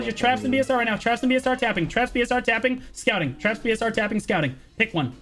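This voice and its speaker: A man's voice: very high-pitched, lively intonation, fast, few pauses, fairly bright tone, soft background music. A man calling the shots in a team game over voice chat, urgent and commanding, repeating every order and swearing. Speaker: guild shotcaller.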